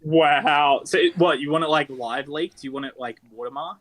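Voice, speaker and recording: A man's voice: fairly high pitch, normal speed, a bit bright. An Australian man co-hosting a live stream, trading crude jokes in casual banter. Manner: brash, swearing, joking. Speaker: co-host.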